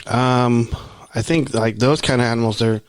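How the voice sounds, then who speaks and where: A man's voice: medium pitch, fairly even intonation, moderate pace, smooth, dry recording. A man with a Texan accent co-hosting a podcast, chatting casually and rambling with lots of fillers. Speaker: podcast co-host. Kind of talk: casual chat.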